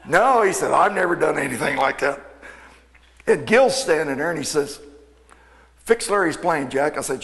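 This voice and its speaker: A man, an aircraft mechanic, telling an animated, folksy story to an audience and acting out the dialogue. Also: sits high, normal speed. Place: event hall. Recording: long hall reverb.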